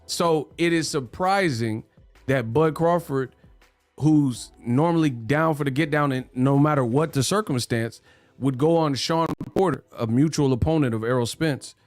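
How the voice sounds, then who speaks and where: A man hosting a boxing livestream, talking in animated slang and laughing often. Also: fairly high pitch, normal speed, no echo, faint music behind. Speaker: boxing channel host. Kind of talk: livestream commentary.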